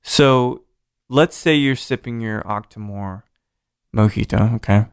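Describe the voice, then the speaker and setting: Gravelly-voiced laid-back male podcast host. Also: on the low side, dry recording, clean studio sound. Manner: chatty, laid-back, quick reactions. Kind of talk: casual interview.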